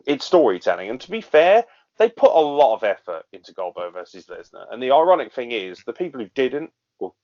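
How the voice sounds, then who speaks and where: A man's voice: medium pitch, sing-song, a little fast, a little mellow. A man co-hosting a wrestling review podcast, ranting in an exasperated, sweary way with frequent laughs. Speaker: podcast co-host. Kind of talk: casual wrestling review chat. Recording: dull lo-fi podcast audio.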